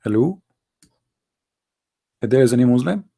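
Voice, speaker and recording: A man's voice: medium pitch, animated, normal speed, gravelly, mellow. A man hosting a live online call-in debate. He speaks heated, non-native English and keeps pressing with rhetorical questions. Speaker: host of a call-in debate show.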